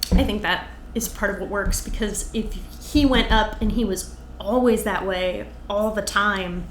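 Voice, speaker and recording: Roomy, animated woman comic chatting. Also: medium pitch, moderate pace. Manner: animated, acts out other comics' cadences. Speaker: stand-up comedian, podcast guest. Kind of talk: casual conversation. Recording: roomy with faint noise.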